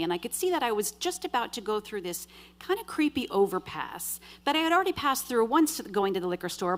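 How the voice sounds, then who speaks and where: A woman telling a true story on stage in the first person, with dry, wry humor and lively quoted dialogue. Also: medium pitch. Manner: vivid, animated retelling with quoted dialogue. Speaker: storyteller at a live show.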